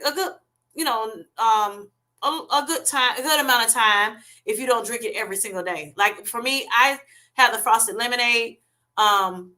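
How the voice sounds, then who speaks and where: Bright-voiced woman chatting on a livestream. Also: medium pitch. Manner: chatty, many fillers, reads out viewer comments. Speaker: livestream host reading chat. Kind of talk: casual livestream chat.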